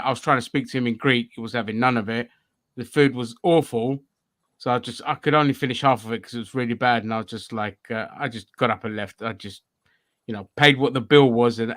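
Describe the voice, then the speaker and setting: A man's voice: mid-range voice, fairly bright tone. A man co-hosting a casual podcast, telling a blunt story full of swearing. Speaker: podcast co-host. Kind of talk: casual banter.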